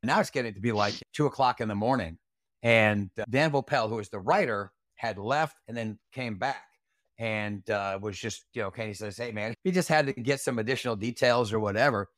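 A man's voice: fairly low pitch, a little fast, fairly bright tone, dry recording, studio quality. A man recounting a night from his Army days as an interview guest, blunt, profane and heated. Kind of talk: casual storytelling interview.

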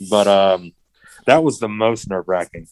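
A man's voice: lowish voice, moderate pace, a little mellow, clean tone, no echo, poor audio. A man in a casual interview who tells a story with animation, acts out quotes and swears freely. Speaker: interview guest, racing driver.

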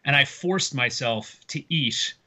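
A comedian guest on a podcast chats casually, telling loose, rambling stories with some swearing. His medium-pitched voice is expressive and sharp-toned, and he speaks slowly.

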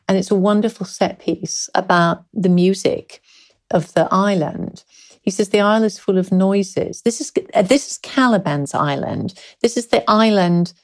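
Unhurried woman professor talking through a speech. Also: on the low side, darkish tone. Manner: thoughtful, enthusiastic, with fillers. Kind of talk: unscripted expert commentary.

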